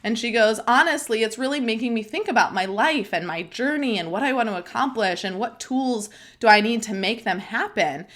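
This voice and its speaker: A woman's voice: on the high side, fairly quick, hardly any pauses, fairly bright tone. A young adult woman hosting a podcast, talking openly and emotionally in a chatty way with many fillers, close to the mic. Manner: emotional, tearful, speaks openly. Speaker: podcast host. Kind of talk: candid personal podcast monologue.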